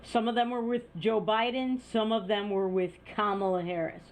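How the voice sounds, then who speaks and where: A woman's voice: medium pitch, little pitch movement, normal speed. Scornful woman opinion host. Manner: scornful, sarcastic. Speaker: news commentary host. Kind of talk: opinion commentary.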